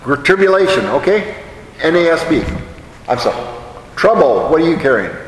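A man's voice: fairly high pitch, big pitch swings, normal speed, echoey room, in a large hall, a little hiss or hum, poor audio. A man teaching a Bible study in a conversational way, often putting questions to his audience.

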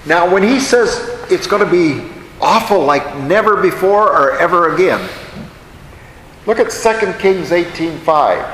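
A man's voice: high voice, expressive, unhurried, a bit bright, reverberant, long reverb tail, a little hiss or hum, low-quality recording. A man teaching a Bible study in a conversational way, often putting questions to his audience.

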